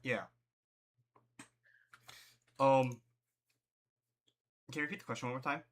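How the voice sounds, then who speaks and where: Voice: mid-range voice, steady tone, slow. A game master running a tabletop game, giving brief, curt answers and voicing a town guard.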